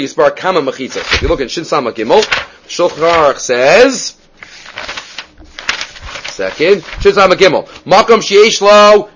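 A man's voice: fairly high pitch, fairly bright tone, slight background noise. A man giving a Talmud class, reading Hebrew and Aramaic phrases and explaining them step by step. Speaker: Talmud teacher.

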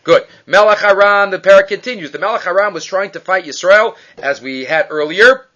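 A man teaches a casual Bible class, his voice bright and a touch higher than most. He mixes Hebrew words into English and acts out the characters' lines. The recording is dull and lo-fi. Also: brisk. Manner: lively storytelling, acting out quoted lines. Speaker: Torah teacher. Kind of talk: informal Bible class retelling.

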